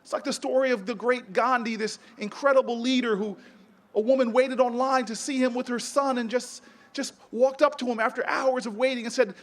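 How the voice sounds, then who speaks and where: A man delivers an inspirational commencement speech in a strikingly high voice. He tells stories with emphasis and sometimes trips over repeated words as he pushes his point. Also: fairly even intonation, brisk. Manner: storytelling, emphatic, with stumbling repeats. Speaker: commencement speaker.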